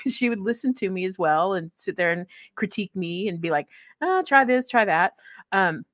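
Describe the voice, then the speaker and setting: A young adult woman warmly telling a personal story in casual conversation, laughing often mid-sentence. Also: on the low side, no echo, studio quality.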